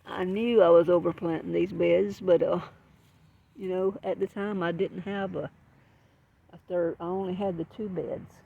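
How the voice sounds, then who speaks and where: A woman's voice: on the low side, fairly even intonation, normal speed, creaky, breathy edge, phone-quality sound. An older woman with a Southern US accent, talking casually in a folksy, rambling way while filming her backyard garden. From Southern United States. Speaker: garden vlogger.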